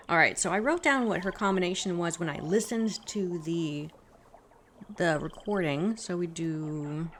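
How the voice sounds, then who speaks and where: A woman's voice: on the low side, slight background noise. A woman casually commenting while she plays a mystery game, chatty and self-mocking, often breaking into giggles. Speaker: game streamer. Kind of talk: casual let's-play commentary.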